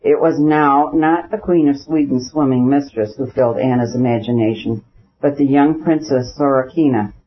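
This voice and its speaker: Husky male audiobook narrator. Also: medium pitch, moderate pace. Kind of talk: scripted narration of a classic novel. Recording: dull lo-fi recording.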